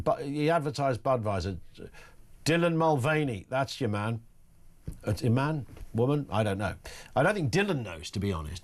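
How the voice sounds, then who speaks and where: A middle-aged man hosting talk radio, delivering a rambling, opinionated monologue full of jokey, sardonic asides. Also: medium pitch. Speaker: radio talk show host.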